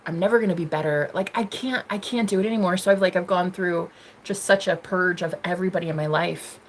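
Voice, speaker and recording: Brisk and steady, this fairly low-pitched female voice comes from a young woman in the United States chatting with her livestream audience. She reads comments casually, giggling and teasing, lurching between loud squeals and quiet murmurs. There's slight background noise.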